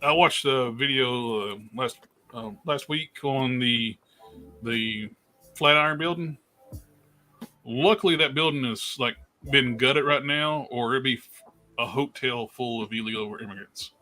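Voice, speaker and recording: A man's voice: medium pitch, a little slow, pushed and bright, faint music behind. A man on a casual livestream talking hesitantly, with many fillers.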